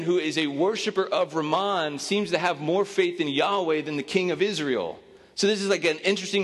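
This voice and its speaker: A man's voice: fairly high pitch, a bit bright. A man giving a casual, joking sermon as a pastor, telling a Bible story in an easygoing, conversational way. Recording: long reverb of a hall.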